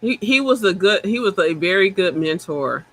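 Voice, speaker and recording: A woman co-hosting a casual chat, telling stories in an animated way and acting out the dialogue. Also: mid-range voice, moderate pace, rough recording.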